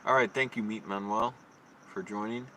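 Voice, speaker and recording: A man's voice: fairly low pitch, steady tone, normal speed, sharp tone, slight background noise. A man live-streaming outdoors, telling rambling anecdotes with restarts, his voice rising when he retells arguments. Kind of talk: casual live-stream storytelling.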